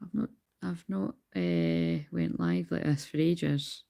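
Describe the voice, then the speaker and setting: A woman's voice: fairly low pitch, sing-song, slow pace, creaky, dark tone. A Scottish woman chatting on a live stream as a tarot card reader, rambling and swearing casually while tired in bed at home.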